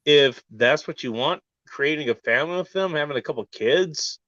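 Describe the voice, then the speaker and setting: A man delivers a swearing, mock-serious rant as the host, hammering rhetorical questions. His volume lurches from bursts to quiet mutters. The recording is dull and lo-fi, with a dry, close sound. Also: fairly high pitch, lively intonation, moderate pace, few pauses, no room sound. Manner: swings from loud outbursts to near-murmurs.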